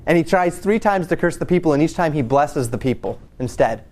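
A man's voice: on the high side, expressive, fairly quick, darkish tone. A man preaching a sermon, retelling a Bible story in a loose, conversational way with frequent restarts. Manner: conversational, storytelling, repeats himself. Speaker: pastor.

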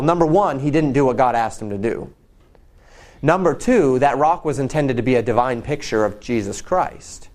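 A man's voice: medium pitch, a little mellow. A man teaching from the Bible in a conversational, storytelling way, often repeating words as he goes. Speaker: preacher.

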